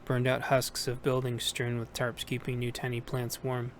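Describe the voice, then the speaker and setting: Flat-voiced man reading an audiobook. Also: mid-range voice, normal speed, slight background noise. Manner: steady, plain reading with small self-corrections. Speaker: audiobook reader. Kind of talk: audiobook narration.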